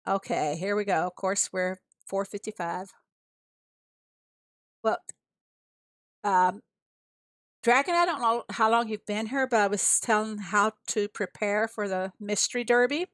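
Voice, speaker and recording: A woman's voice: mid-range voice, measured pace, pauses often, a bit bright, dry recording. A woman streaming a mobile farming game, chatting casually with her viewers and talking herself through each move. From USA. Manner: chatty, talks to herself and reads chat aloud. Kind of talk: casual live-stream commentary.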